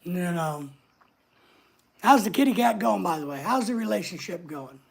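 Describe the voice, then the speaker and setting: A woman's voice: fairly low pitch, lively intonation, normal speed, vocal fry. A woman hosting a casual livestream, chatting away and answering viewer comments as they come in. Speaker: livestream host.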